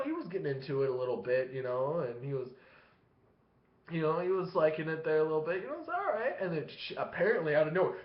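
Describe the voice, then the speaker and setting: Rambling, swearing man on a lo-fi webcam. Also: fairly high pitch. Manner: profane, rambling, laughing between phrases. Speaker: vlogger. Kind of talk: casual storytelling vlog. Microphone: webcam facing him. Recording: echoey room, dull lo-fi sound.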